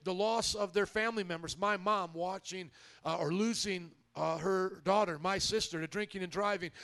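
A man's voice: high-pitched, a bit bright. A male pastor preaching a sermon to his church, emphatic and prompting the congregation to answer back.

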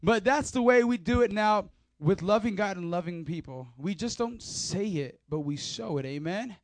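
Playful high-voiced young pastor. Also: male voice, animated, moderate pace, dry recording. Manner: joking, playful, hypes the crowd. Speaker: youth pastor. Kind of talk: energetic church service talk. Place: church hall.

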